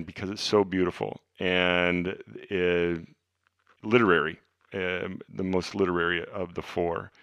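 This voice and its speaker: Deep-voiced man teaching earnestly. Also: smooth, no echo, clean studio sound. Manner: earnest, conversational, dropping to hushed tones for emphasis. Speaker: podcast host and Bible teacher. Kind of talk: casual teaching talk.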